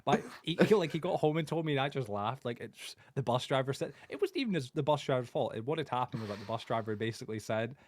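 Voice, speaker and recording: A man's voice: medium pitch, fast talker, few pauses, no echo. A young man co-hosting a podcast, telling family stories in casual chat and swearing constantly. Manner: swears constantly, animated storytelling. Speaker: podcast co-host.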